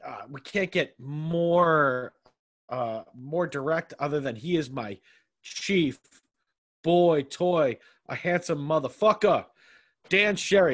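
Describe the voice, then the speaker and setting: A man's voice: a little high, slow, fairly bright tone. A man hosting a casual podcast chat, teasing his co-hosts with playful banter. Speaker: podcast host.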